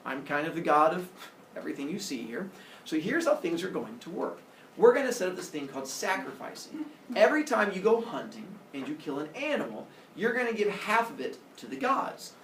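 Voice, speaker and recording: Brief: man doing a casual, blunt chief god; fairly high voice, classroom echo. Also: fairly quick, distant mic, a little hiss or hum. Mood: offhand. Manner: casual, bossy, deadpan threats. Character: bossy king of the gods, blunt and offhand. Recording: echoey classroom.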